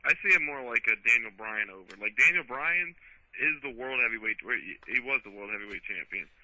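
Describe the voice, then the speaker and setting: A man's voice: mid-range voice, sharp tone, dry recording. A man co-hosting a casual talk radio show, blunt and profane. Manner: fast-talking, blunt, profane. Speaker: radio co-host. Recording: dry lo-fi radio recording.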